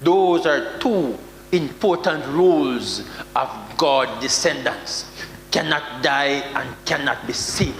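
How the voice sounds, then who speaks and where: A man with a Jamaican accent preaching a sermon, with sudden loud outbursts and mock prayers. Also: fairly high pitch, animated, slow. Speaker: prophet preaching. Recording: echoey hall with faint hum.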